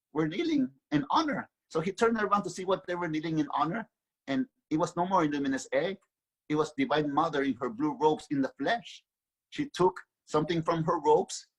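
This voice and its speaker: A man's voice: fairly high pitch, breathy edge, low-quality recording. A man, an author and guest, telling a spiritual story earnestly and repeating words as he builds his thoughts.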